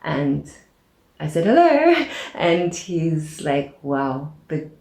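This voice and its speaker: A low-pitched woman tells a personal story in a relaxed interview, with plenty of fillers and restarts. She acts out the lines she quotes as she goes. The room adds a noticeable echo. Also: drawn-out words, creaky. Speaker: podcast guest, aid organization founder. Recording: roomy echo.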